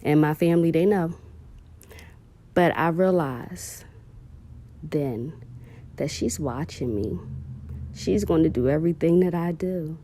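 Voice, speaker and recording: A woman's voice: sits low, slow pace, long pauses, mellow, a little hiss or hum. A woman, heartfelt and emotional, telling viewers a personal story about her daughter and calling them "y'all".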